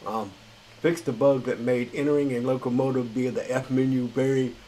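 A man's voice: medium pitch, steady tone, moderate pace, warm tone, slight background noise, rough recording. A man hosting a gaming channel, reading patch notes in a tired, rambling, casual way. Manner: rambling, filler-heavy, chuckles at himself. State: tired late at night.

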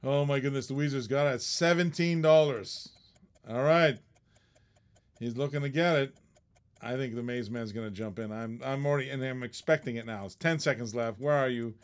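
A man's voice: medium pitch, normal speed. A man hosting a live-stream auction in casual chat, laughing often and teasing the bidders.

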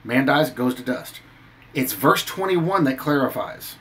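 A man's voice: medium pitch, expressive, unhurried, fairly bright tone, rough recording. A man giving an earnest, preachy commentary on scripture, reading verses aloud and stressing his points. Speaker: Christian video commentator. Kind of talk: earnest scripture-based rant.

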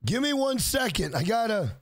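A man streaming a game live, loud and profane, joking around, greeting viewers by name and breaking into shouted rhyming bits. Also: high-pitched, big pitch swings, normal speed, no echo.

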